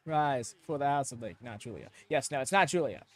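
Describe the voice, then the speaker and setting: A young man hosting a live watchalong stream, chatting excitedly with many fillers and quick laughs on a close mic. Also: mid-range voice, dry recording. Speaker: watchalong host. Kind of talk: live reaction commentary.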